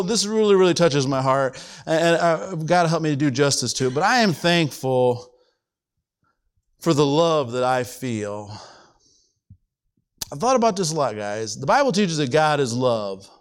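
A man preaching a sermon to his congregation, his clear, resonant voice sitting a little high. He restarts and repeats words often, and when a point matters he climbs sharply in pitch with passion. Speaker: pastor.

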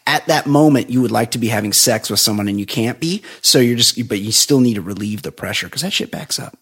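Man, podcast co-host, husky voice, casual rambling banter. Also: medium pitch, expressive, fairly quick, a bit bright. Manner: rambling, laughs between lines.

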